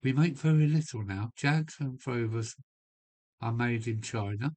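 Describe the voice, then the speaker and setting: Englishman, middle-pitched, blunt and rambling live-stream chatter. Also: unhurried, darkish tone. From England. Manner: blunt, opinionated, rambling, with mild swearing. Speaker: model railway live streamer. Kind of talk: casual rambling chat to a live audience. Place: home loft. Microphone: live stream setup.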